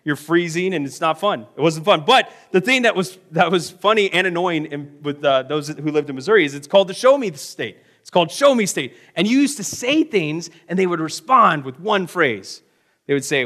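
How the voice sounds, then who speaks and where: A middle-aged pastor preaches a sermon, sharing a personal story and performing the voices he quotes, swinging between loud and hushed. His voice is high and fairly quick, with lively intonation.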